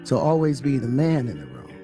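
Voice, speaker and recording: An interviewed man tells stories with forceful, emphatic conviction. His pitch is average for a man. Music runs clearly beneath his voice throughout. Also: wildly swooping pitch, fairly quick. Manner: forceful, emphatic, preachy about manhood. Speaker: actor being interviewed. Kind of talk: interview storytelling. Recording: interview clip with music under it.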